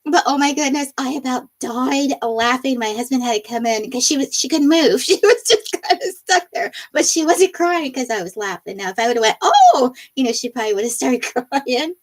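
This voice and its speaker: A woman's voice: sits high, moderate pace, hardly any pauses. A woman hosting a casual live stream, reading viewer comments aloud and laughing often, her nose a little runny. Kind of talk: casual live chat while crafting.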